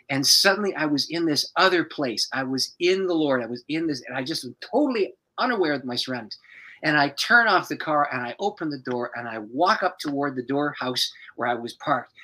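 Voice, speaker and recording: A man who is a pastor tells a story with a lively, swooping pitch. His voice is bright yet slightly husky, and he laughs easily as he goes. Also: poor audio. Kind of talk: storytelling guest on a podcast.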